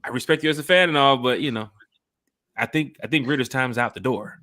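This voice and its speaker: A man's voice: medium pitch, no echo, studio quality. A man hosting a podcast, talking casually and speaking directly to the fans. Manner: fast, lively, addresses the fans directly. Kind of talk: casual chat.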